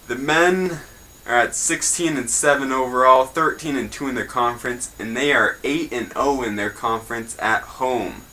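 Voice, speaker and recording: A man's voice: mid-range voice, normal speed, hardly any pauses, pushed and bright, poor audio. A young man hosting a homemade news show in a rambling, crude, joking way. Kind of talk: casual mock newscast.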